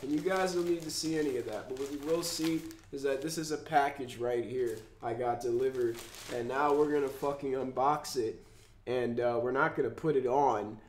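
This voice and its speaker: Congested, upset man ranting, echoey room. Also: slight background noise. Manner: swearing, swings from loud outbursts to low mumbles. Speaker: YouTuber. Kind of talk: emotional vlog rant.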